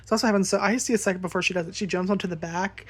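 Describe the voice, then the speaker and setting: A woman's voice: mid-range voice, steady tone, racing, breathy edge. A woman vlogger telling a casual storytime rant, rambling and swearing freely with lots of fillers.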